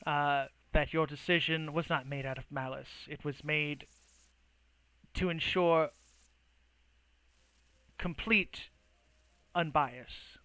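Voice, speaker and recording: A man voicing a calm, formal female envoy. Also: on the high side, clean tone, no echo, rough recording.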